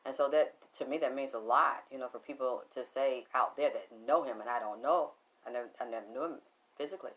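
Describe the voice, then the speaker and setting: A woman's voice: a bass voice, fast talker, a bit bright. A middle-aged woman with a Southern Atlanta accent, chatting casually on a livestream, laughing often and talking back to viewer comments. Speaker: livestream host.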